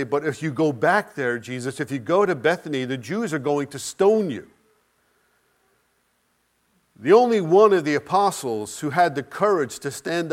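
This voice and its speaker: A man delivering a sermon in a somewhat high voice. He speaks with emphasis, slowing for dramatic pauses and swinging between loud lines and soft ones. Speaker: pastor. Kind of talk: Easter sermon.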